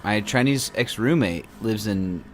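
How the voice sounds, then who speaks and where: A man's voice: lowish voice, lively intonation, a little slow, a crowd in the background. Joking, rambling male podcast host. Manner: joking, rambling, frequent restarts. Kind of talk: casual podcast chat.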